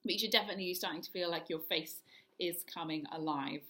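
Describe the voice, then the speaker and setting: Woman leading a vocal warm-up. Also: on the low side, quick pace. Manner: demonstrates yawns, hisses, hums and sirens; instructive, step-by-step. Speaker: voice coach.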